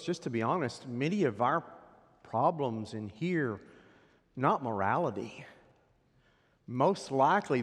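A man preaching a sermon as a pastor, swinging from loud emphatic peaks down to hushed, quiet drops. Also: mid-range voice. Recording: long hall reverb.

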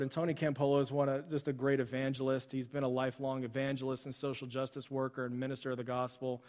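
Flat-voiced man preaching in a hall. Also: medium pitch, fast, hardly any pauses. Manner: conversational, with frequent fillers and restarts. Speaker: pastor. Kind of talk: sermon storytelling. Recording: long hall reverb.

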